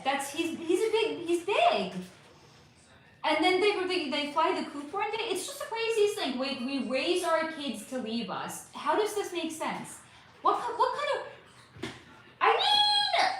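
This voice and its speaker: A woman's voice: high voice, fairly bright tone. A woman in her thirties chatting casually on a livestream, reading comments and rambling, swearing now and then, recorded on a phone in her living room. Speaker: livestream host. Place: bright living room at home. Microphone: phone without external microphone. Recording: echoey room, faint background hiss.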